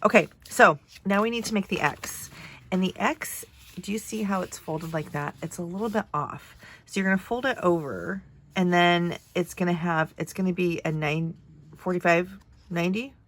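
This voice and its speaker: A woman's voice: lowish voice, normal speed. A woman in her forties, a first grade teacher, chatting casually through a paper craft tutorial, nasal and congested after a cold, thinking aloud as she measures and folds.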